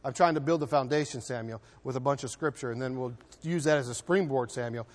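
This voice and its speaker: A man preaching a sermon in a church. He is emphatic, swings between loud and hushed delivery, and often repeats words. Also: medium pitch, quick pace, long reverb tail.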